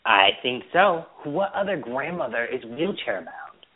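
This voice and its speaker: Animated man on a phone-like line. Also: mid-range voice, unhurried, slightly rough. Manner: animated storyteller, laughs often. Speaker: podcast host. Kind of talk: casual chat. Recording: phone-like narrow band.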